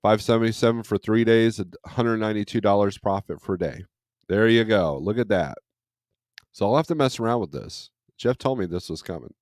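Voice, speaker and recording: The man's voice is fairly low, a little mellow, and brisk as he hosts a relaxed morning livestream at home, not in his truck. A trucker by trade, he rambles on and reads viewer comments out loud, captured in echo-free studio quality.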